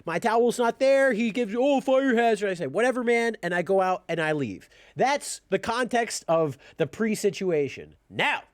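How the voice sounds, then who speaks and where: A young man ranting in a commentary vlog, blunt, profane and animated. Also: high-pitched, no echo, studio quality. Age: young adult. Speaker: YouTuber.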